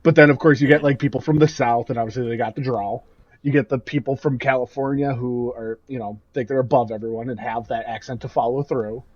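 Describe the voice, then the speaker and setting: A man's voice: mid-range voice, fairly even intonation, brisk, a little mellow, dry recording. Laughing Midwestern man, dull dry recording. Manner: laughs often, asks the questions. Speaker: podcast co-host. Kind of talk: casual chat.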